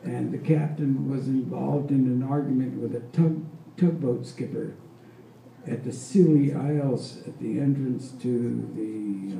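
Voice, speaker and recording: An elderly man in his eighties spins a rambling, chuckling tale in a folksy drawl, his voice gravelly and mellow. The sound is roomy and distant, with faint ambience of a live venue behind him. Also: medium pitch, slight background noise. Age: 80s. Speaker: folk performer and storyteller. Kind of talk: live on-stage storytelling.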